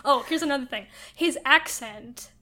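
A woman co-hosting a casual chat podcast, animated and quick to laugh. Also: sits high. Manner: animated, laughs often, drawn-out emphasis. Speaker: podcast co-host.

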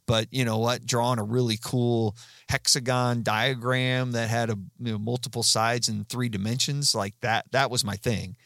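A man's voice: medium pitch, steady tone, normal speed, a bit bright, dry recording, studio quality. A man in his fifties casually telling rambling stories about his career as a guest, with fillers and restarts. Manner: chatty, rambling anecdotes with frequent fillers and restarts. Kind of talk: casual storytelling.

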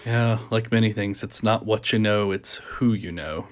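Low-voiced relaxed podcast host man. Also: moderate pace. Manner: relaxed, moderating the round. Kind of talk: casual film discussion.

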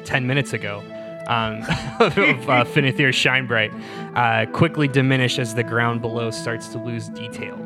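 A man narrating as game master in a tabletop game, chatty and quick to laugh at himself. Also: medium pitch. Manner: laughing, self-deprecating, chatty.

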